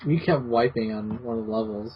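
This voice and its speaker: Male podcast host, mid-pitch, rambly and halting, dull lo-fi recording. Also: fairly even intonation, husky. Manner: rambling, halting, many restarts. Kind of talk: casual gaming podcast chat. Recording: dull lo-fi podcast audio with faint hiss.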